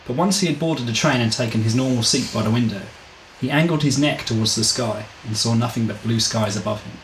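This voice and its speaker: A man reading his own story aloud to co-hosts, steady and measured, joking between passages. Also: mid-range voice, reverberant, a little hiss or hum, low-quality recording.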